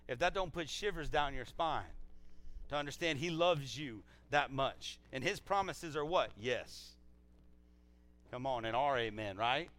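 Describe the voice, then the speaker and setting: A man preaching a sermon in a conversational way, repeating phrases and swinging between loud exclaims and soft, low scripture reading. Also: lively intonation, measured pace. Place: church service.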